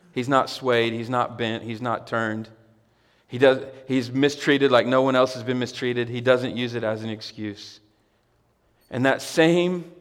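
A man preaching a sermon in a mid-pitched voice, with a long hall reverb trailing each phrase. He talks in a loose, conversational way, then builds to emphatic, repeated cries. Only his voice is heard. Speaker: pastor. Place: church hall with a congregation.

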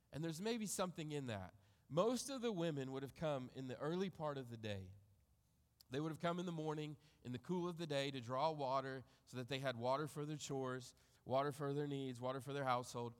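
Guy giving a sermon, reads scripture then reflects, calm and measured, long church echo. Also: medium pitch. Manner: reflective, measured, trails off softly at phrase ends. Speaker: pastor.

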